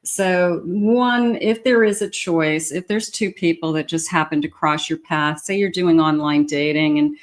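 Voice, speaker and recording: Low-voiced woman giving a tarot reading. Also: unhurried, few pauses. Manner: warm, encouraging, talks directly to the viewer with many fillers. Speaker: tarot reader.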